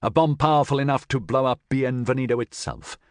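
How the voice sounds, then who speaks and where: A man voicing Captain Phileas, a grave aristocratic captain who speaks in a measured way. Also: medium pitch, dry recording, clean studio sound, pitched above the performer's own voice, natural voice.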